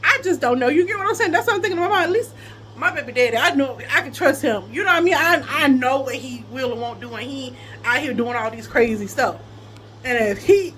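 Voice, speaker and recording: Animated high-pitched woman telling a story. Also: a little hiss or hum. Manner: animated, laughing often, quoting others. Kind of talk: casual storytelling to viewers.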